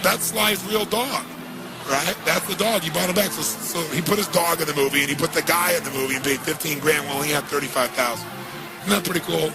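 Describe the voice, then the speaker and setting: A man with a gravelly, slightly high voice tells a story as a motivational speaker. He acts out every line of dialogue with lively energy. Loud music plays underneath the whole time. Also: fast, low-quality recording. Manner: animated storyteller, acting out both sides of a conversation. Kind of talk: storytelling to a live audience.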